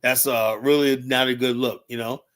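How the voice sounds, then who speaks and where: A man's voice: medium pitch, fairly even intonation, moderate pace, fairly bright tone, a little hiss or hum. A man hosting a livestream panel, venting in a long, profane, rambling rant full of "you know?" tags. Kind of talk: heated panel debate.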